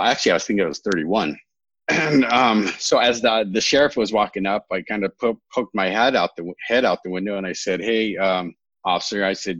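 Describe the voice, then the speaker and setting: A man's voice: low-pitched, moderate pace, a bit bright, no echo, muffled recording. A man in his thirties from California, a podcast guest telling his own story in a candid, rambling way, often correcting himself with a wry humor.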